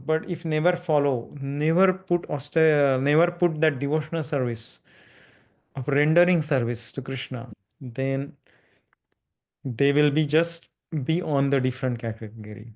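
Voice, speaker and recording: A man telling a devotional story in a scripture class, animated, with frequent fillers and restarts. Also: fairly high pitch. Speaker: class speaker.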